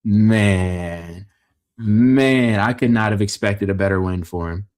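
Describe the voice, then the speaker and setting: Low-voiced man giving joking fight takes. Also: takes it slowly, darkish tone. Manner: opinionated, joking, rambling with self-corrections. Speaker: MMA fight reaction host. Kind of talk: casual fight-card reaction commentary.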